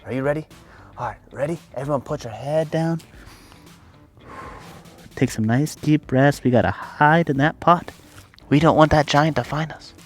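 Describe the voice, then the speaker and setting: A woman leading a children's yoga lesson through a story, animated and playful, gasping with excitement. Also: low-pitched, normal speed, long pauses, faint music behind. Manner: animated, playful, lots of gasps. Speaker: kids' yoga teacher.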